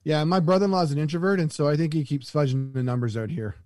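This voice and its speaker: A man's voice: fairly high pitch, quick pace, dry recording, studio quality. A man from Canada co-hosting a podcast, riffing playfully in casual chat. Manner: playful joker, animated riffing. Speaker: podcast co-host.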